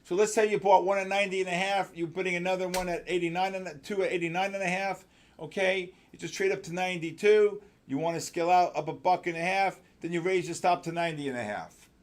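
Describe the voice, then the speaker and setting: Upbeat male host calling trades live; rapid-fire, shouty bursts, slightly high voice. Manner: excitable, fast-talking, bursts of loud exclamations. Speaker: trading session host. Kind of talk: live trading room commentary.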